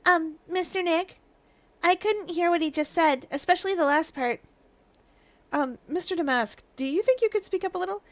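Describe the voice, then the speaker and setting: A woman's voice: very high voice, normal speed, no echo, voice pushed up. Woman voicing an eager bubbly young sidekick. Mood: polite. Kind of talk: reading game dialogue aloud.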